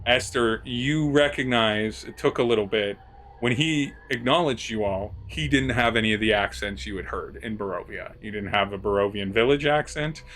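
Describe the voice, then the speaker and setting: A man narrating a tabletop game as game master, halting and full of filler words. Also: on the low side, fairly bright tone, slight background noise.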